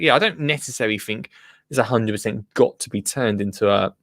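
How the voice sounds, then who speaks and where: This gardening podcast host has a lowish, fairly bright voice and speaks fairly quickly. In a radio studio, with a dry, studio-quality recording, he runs casually through the news and drifts into rambling tangents.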